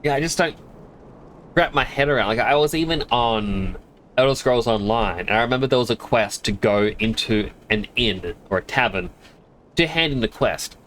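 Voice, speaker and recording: A man's voice: medium pitch, normal speed, a bit bright, a little hiss or hum. A man streaming a game, chatting casually in a rambling, self-amused way. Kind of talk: casual chat while gaming.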